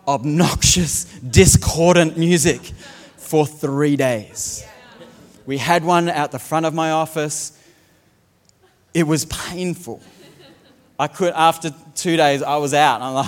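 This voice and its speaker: A man's voice: on the high side, slow, in a large hall. A man preaching a sermon as a pastor, telling funny stories and mimicking the way others speak. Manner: humorous storytelling, mimics accents.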